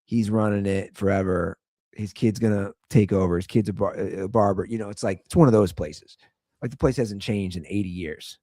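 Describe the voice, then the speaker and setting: A man's voice: lowish voice, normal speed, mellow, no room sound, studio quality. A man hosting his own talk show, ranting in a casual way and firing off rhetorical questions. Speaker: podcast host.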